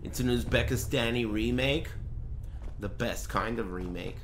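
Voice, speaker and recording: A man chatting casually while streaming a game, swearing and bursting into shouts and laughs. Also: mid-range voice, unhurried, noisy background. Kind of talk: casual gaming stream chat.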